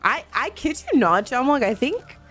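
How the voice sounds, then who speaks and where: A woman's voice: high-pitched, sing-song, normal speed, fairly bright tone. A woman streamer chatting casually while she plays a video game, giggly and chatty as she reads and answers her chat.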